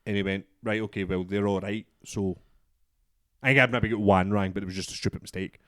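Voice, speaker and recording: A man's voice: lowish voice, fairly even intonation, a little fast, fairly bright tone, no echo, clean studio sound. A young Scottish man telling a story in casual podcast chat, swearing often and acting out both sides of the exchange. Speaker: podcast co-host.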